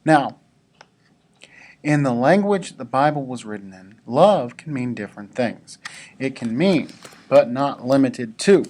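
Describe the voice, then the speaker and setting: Slow, easygoing male devotional speaker. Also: medium pitch, expressive, darkish tone. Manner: conversational, with casual asides to the students. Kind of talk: devotional talk to students.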